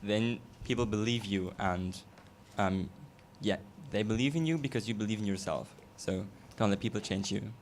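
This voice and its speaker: A man's voice: fairly low pitch, normal speed, hardly any pauses, a little hiss or hum. A man on a fan meetup panel, earnestly encouraging the audience to be themselves. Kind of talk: casual panel talk.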